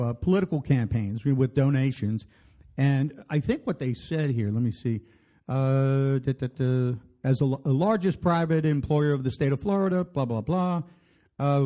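A man co-hosting a podcast, cracking wry puns and reading a statement aloud haltingly in casual chat. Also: mid-range voice. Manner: wry, deadpan punning, reads aloud haltingly. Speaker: podcast co-host.

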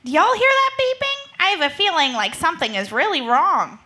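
A woman's voice: extremely high pitch, big pitch swings, a little fast, pushed and bright, exaggerated voice. A woman playing a dramatic, worried spaceship crew member in an improvised comedy. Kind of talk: improvised comedy role-play.

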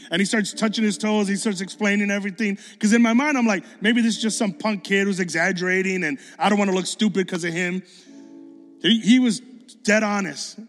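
A man preaching a sermon, telling a story with lively acted-out dialogue and excited bursts. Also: a little high, in a large hall. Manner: animated, acts out dialogue, builds to excited bursts.

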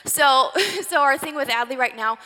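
Woman in her thirties, casual sermon, lots of "like" and "um", bright tone, echoey hall. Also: high-pitched, normal speed. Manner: chatty, filler-heavy, laughing asides. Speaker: church speaker. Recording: reverberant hall.

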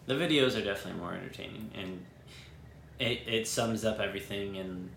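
Low-voiced laid-back man, echoey room. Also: fairly quick, vocal fry, fairly bright tone, slight background noise. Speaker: podcast co-host. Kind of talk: casual podcast chat.

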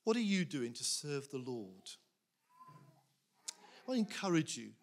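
A man preaching earnestly to a church congregation, animated, with laughs and quick asides. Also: on the high side. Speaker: pastor appealing for prayer. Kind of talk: sermon.

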